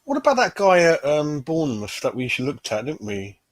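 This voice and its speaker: A man's voice: fairly high pitch, big pitch swings, normal speed, dry recording. A man hosting a fan channel, chatting casually on a livestream, constantly saying "mate" and tossing in tag questions.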